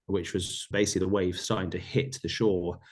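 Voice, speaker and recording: A man's voice: low voice, level tone, fairly quick, darkish tone. A middle-aged man, a podcast guest, earnestly retelling a personal story in vivid detail, often repeating phrases.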